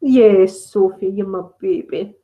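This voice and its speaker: A middle-aged woman with a Scottish accent takes things slowly as she hosts a laid-back ASMR live-stream chat, telling stories and laughing a lot. Her voice sits in the mid range, and the audio is dull.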